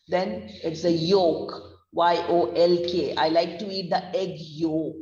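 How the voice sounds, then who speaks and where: A man with a Gujarati accent teaching pronunciation, spelling each word out letter by letter and repeating it slowly. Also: fairly high pitch, level tone, a little mellow. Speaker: pronunciation trainer. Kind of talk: online pronunciation lesson. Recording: distant, echoey, dull lo-fi room sound.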